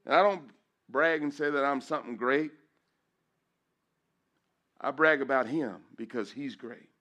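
A middle-aged male pastor gives an emotional testimony in church, his medium-pitched voice unhurried yet pushed and bright. He preaches with repeated phrases and builds into praise, and at times his voice breaks.

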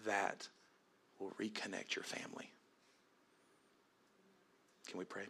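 A pastor delivering an earnest sermon on family and forgiveness, then leading a prayer in softer tones. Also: male voice, low voice, completely flat delivery, slow pace, vocal fry, slight background noise. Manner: earnest preaching, dropping to soft prayerful tones.

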